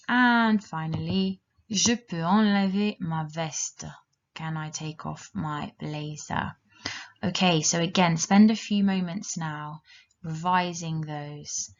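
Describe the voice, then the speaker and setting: A woman teaching a children's language lesson, giving slow, clear, encouraging instructions. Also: lowish voice. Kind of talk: recorded classroom lesson for children. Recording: dull lo-fi recording.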